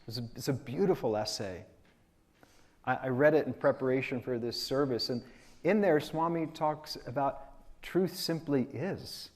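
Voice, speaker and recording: A man giving a Sunday sermon as a minister, reflective and unhurried, mixing personal stories with gentle laughs. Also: mid-range voice. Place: spiritual community service.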